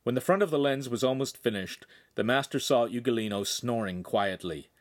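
A man's voice: brisk, dry recording, studio quality. A man reading a young adult novel aloud as narrator, shifting into raised voices for the characters. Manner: lively storytelling, voices each character with raised pitch. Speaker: audiobook narrator. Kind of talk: scripted narration.

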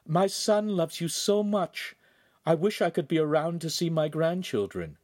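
Male narrator doing an emotional mother, raised higher and slow. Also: a little mellow, natural voice. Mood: tearful. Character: older woman, the hero's mother, tearful and tender.

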